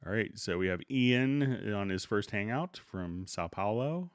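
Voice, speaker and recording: A middle-aged man hosting a live software tutorial stream in a relaxed, unhurried way, greeting viewers by name before he demonstrates. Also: on the low side, clean tone, no room sound, studio quality.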